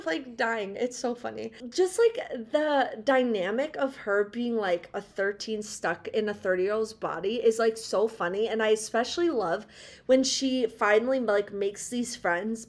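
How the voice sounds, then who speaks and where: A young woman co-hosting a chatty podcast, gushing and laughing often as she talks. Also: fairly high pitch. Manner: bubbly, gushing, laughs often, many "like" fillers. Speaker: podcast co-host. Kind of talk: casual chat.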